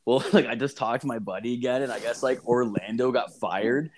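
A man's voice: mid-range voice, a little fast, a crowd in the background. A man co-hosting a podcast, telling a rambling story in casual chat, swearing constantly and laughing often. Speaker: podcast co-host.

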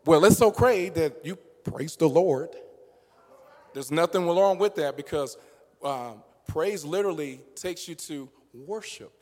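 A man with a high-pitched voice preaches a sermon. He moves between easy, conversational talk and rising, passionate shouts. The sound rings with a long church reverb. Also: animated, measured pace. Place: church sanctuary.

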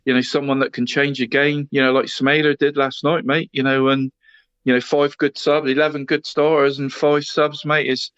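A man's voice: medium pitch, little pitch movement, moderate pace, a bit bright, clear, resonant tone, dry recording. A talkative man co-hosting a football podcast. He rambles in a loose, easygoing way and keeps dropping "mate" into his sentences. The recording is dry and a little dull, as if from a budget mic. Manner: rambling, says "mate" constantly, laughs often. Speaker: podcast co-host. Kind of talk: casual football podcast chat.

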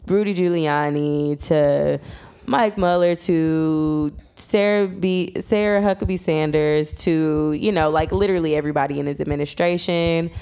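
A woman with a low voice co-hosts a podcast in loose, casual chat. She talks in an animated way, repeats her partner's words and acts out quotes. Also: measured pace, smooth. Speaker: podcast co-host.

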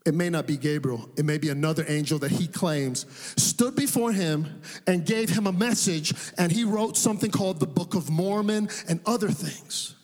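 High-voiced preacher telling a lively story. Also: male voice, moderate pace, big-room sound, faint music behind. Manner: animated storytelling, laughs at own story. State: sweating. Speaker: pastor. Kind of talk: sermon with personal storytelling.

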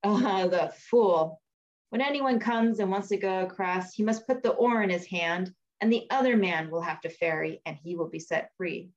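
A woman voicing a grumpy, sleepy male devil in a read-aloud fairy tale, with a slow, growling drawl. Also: medium pitch, natural voice. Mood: gruff. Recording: dull lo-fi recording.

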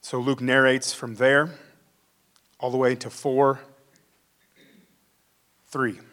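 A man's voice: medium pitch, flat delivery, slow, fairly bright tone. A male pastor giving a conversational sermon, acting out the quotes he reads.

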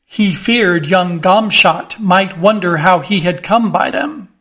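A man narrating a classic story in a measured, expressive way. His voice sits high. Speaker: audiobook narrator. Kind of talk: reading a classic story aloud.

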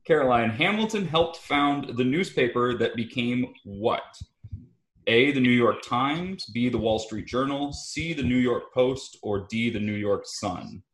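A man's voice: mid-range voice, unhurried. Man reading quiz questions in a roomy space. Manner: reads multiple-choice options steadily, chuckles between questions. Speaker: quiz host. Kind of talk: reading trivia questions in casual chat.

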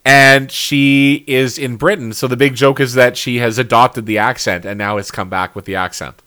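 A man of ordinary pitch chatting casually as a podcast co-host. He picks apart a TV episode with sarcasm, swearing and laughing as he goes. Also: steady tone, moderate pace, pushed and bright, smooth. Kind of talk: casual chat.

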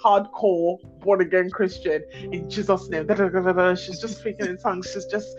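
A woman, a podcast guest telling a dramatic personal story in lively casual chat, laughing often. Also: lowish voice, moderate pace, dull audio, over music. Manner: animated storytelling, laughs often, acts out others' voices.

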